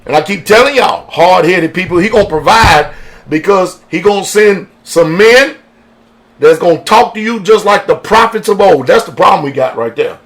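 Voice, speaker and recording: A man's voice: high voice, animated, moderate pace, a bit bright. A man preaching on a radio broadcast, emphatic, throwing out rhetorical questions and drawing responses from listeners. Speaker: pastor. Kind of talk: radio sermon.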